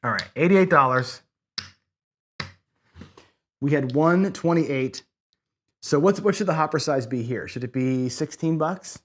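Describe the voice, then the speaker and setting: Speaking unhurriedly with long pauses, this man has a fairly high, fairly bright voice. He hosts a craps video from the casino, reasoning aloud about his bets, catching his own mistakes, and talking casually with viewers about the gambling.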